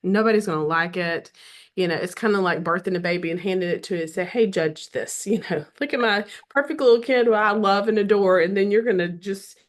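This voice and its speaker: A middle-aged woman from the American South with a Southern accent, telling the story of how she became a romance author in a casual interview, acting out quoted dialogue and often clearing her throat. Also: mid-range voice, fairly quick.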